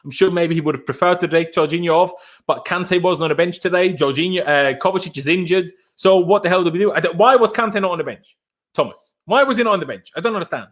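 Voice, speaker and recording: A man's voice: high-pitched, quick pace. A young man hosting a fan channel's post-match live stream, ranting in exasperation, repeating himself and bantering with viewers in chat.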